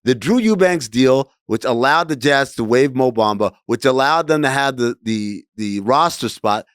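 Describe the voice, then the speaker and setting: A man hosting a casual sports podcast, animated and jokey, slipping into playful voices. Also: mid-range voice, normal speed, clean tone, dry recording, clean studio sound. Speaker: podcast host.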